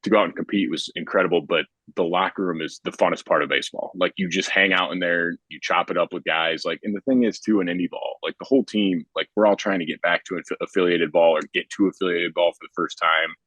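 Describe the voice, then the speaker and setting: A young man, a baseball pitcher, chatting casually on a podcast in a relaxed, rambling way with lots of filler words. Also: fast talker, hardly any pauses, no room sound.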